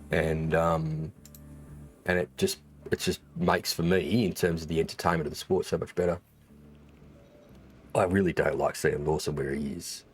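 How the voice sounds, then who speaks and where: A deep-voiced Australian man talks loosely on a livestream, full of swearing, fillers and restarts. Faint music plays underneath. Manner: rambling, swears freely, many fillers and restarts. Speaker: streamer and former race engineer. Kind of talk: casual livestream chat.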